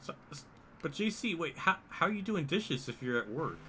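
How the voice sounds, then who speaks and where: Live-streaming a racing game, a young man with a slightly high, very animated voice comments on the race at normal speed and trades laid-back, laughing banter with his chat. His tone is bright and forceful, and faint game noise sits in the background.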